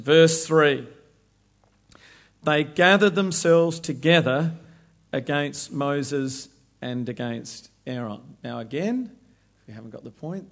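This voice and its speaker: A man preaching a Bible study sermon, explaining verses slowly and deliberately. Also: fairly high pitch.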